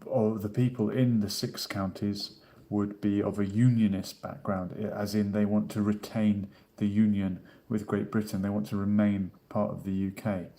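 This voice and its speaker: A man co-hosting a casual live-stream discussion, explaining at a measured pace and reading out comments from the chat. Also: lowish voice, flat delivery, vocal fry, mellow. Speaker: co-host.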